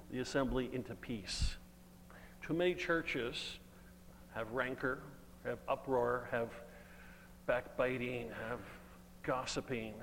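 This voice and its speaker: A man preaching an earnest, emphatic sermon and reading scripture aloud. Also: medium pitch. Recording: long hall reverb, faint hum.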